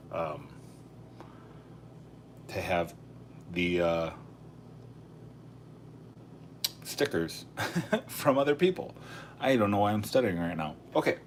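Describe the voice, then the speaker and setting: A man's voice: low-pitched, a little hiss or hum. A man hosting a casual live stream, chatting and thinking aloud as he sorts coins, often correcting himself. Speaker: coin collecting channel host.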